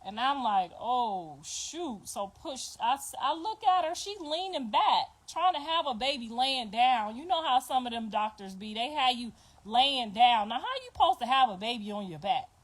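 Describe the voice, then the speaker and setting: Middle-aged woman host, high-pitched, loud and animated storyteller. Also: normal speed, few pauses, rough recording. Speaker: podcast host. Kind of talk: casual storytelling.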